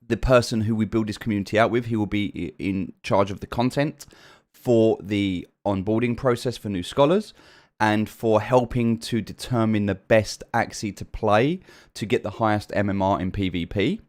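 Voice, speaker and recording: British male streamer, lowish voice, chatty host greeting chat by name. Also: normal speed, darkish tone. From United Kingdom. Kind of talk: casual live-stream chat.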